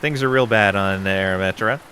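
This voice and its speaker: A brash little club comic with groaner jokes, as a man puts him on, snapping out each line with punchy timing. The voice sits a touch low but rings bright and edgy, with a faint hiss behind it. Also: moderate pace. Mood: cocky. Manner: punchy joke-telling delivery. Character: cocky male stage comic telling corny jokes.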